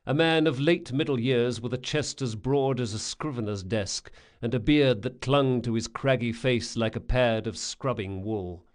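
Man narrating an audiobook. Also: medium pitch. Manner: measured, descriptive storytelling.

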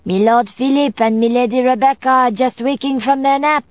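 A woman voicing a bustling older female housekeeper who speaks briskly and deferentially in an audiobook. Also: high-pitched, steady tone, no room sound, voice pushed up, lightly acted.

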